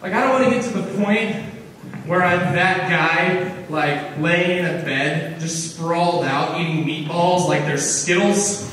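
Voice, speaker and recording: A young man doing stand-up comedy at a live variety show, in an animated, self-mocking manner, recorded from far off in a large hall. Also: on the high side, unhurried. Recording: echoey hall from far off, noisy.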